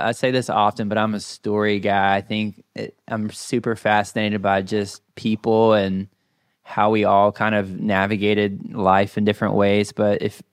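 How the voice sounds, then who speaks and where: A man with a Southern US accent hosts a podcast in easygoing chat. His voice sits on the low side, and he rambles with plenty of filler words. The sound is dry and close. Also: clear, resonant tone, no echo. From southern United States. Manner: friendly, rambling, many "like" fillers. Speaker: podcast host. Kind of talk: casual conversation.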